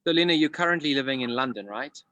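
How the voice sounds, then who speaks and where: A man hosting a casual interview over a video call, putting quick rapid-fire questions to his guest. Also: medium pitch, animated, pushed and bright. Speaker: interview host.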